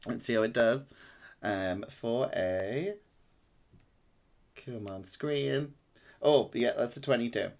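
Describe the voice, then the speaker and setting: Mancunian man running a tabletop game, playful, laughs a lot, mid pitch. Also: slow pace, vocal fry, pauses often, a little mellow. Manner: playful, laughs often while narrating. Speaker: dungeon master.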